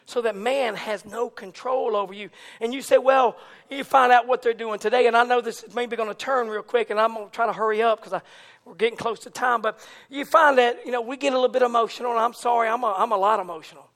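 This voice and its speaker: A man preaching a fervent Pentecostal sermon, moving from low conversational talk to shouted, rousing preaching. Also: fairly even intonation, fast talker. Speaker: pastor.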